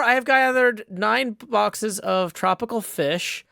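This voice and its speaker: A man's voice: high-pitched, slow, vocal fry, fairly bright tone, dry recording. A man talks through a build into a desk microphone, thinking aloud and second-guessing himself. His asides turn into playful jokes. The recording is close and dry, with no room sound. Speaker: Minecraft server player. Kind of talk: casual gameplay commentary.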